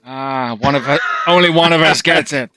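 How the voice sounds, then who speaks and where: A man's voice: on the high side, moderate pace, bright, forceful tone, no room sound, faint music behind. A man playing a tabletop game, talking loosely and casually in character. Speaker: player voicing Withers.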